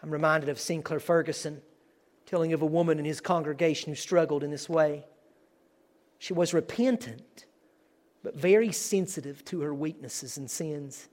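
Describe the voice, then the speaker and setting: Earnest guy preaching a sermon, kinda high voice, builds up strong. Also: moderate pace, darkish tone. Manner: earnest, building to emphatic declarations. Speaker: guest preacher.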